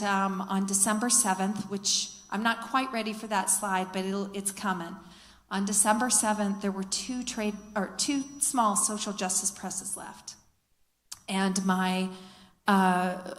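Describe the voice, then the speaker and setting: A woman's voice: mid-range voice, fairly bright tone. A woman author giving a candid personal testimony talk in a church hall, telling her story and quoting others. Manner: candid, storytelling, quotes others, laughs between lines. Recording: echoey hall from a distance.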